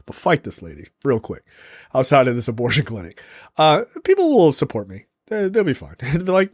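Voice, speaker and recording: A young man co-hosting a casual film review podcast, animated and quick to laugh as he acts out scenes. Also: medium pitch, dry recording, studio quality. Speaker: podcast co-host.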